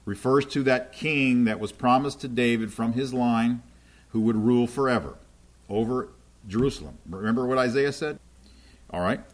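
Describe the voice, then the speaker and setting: Speaking at a moderate pace with a medium-pitched voice, this preacher walks listeners through scripture like a teacher, constantly asking "right?" and "okay?" to keep them with him.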